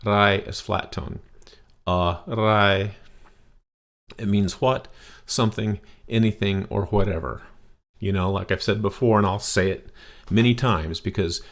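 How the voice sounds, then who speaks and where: Low-voiced man teaching patiently. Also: fairly even intonation. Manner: patient, repeats words slowly to demonstrate. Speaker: language teacher. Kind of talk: casual spoken lesson.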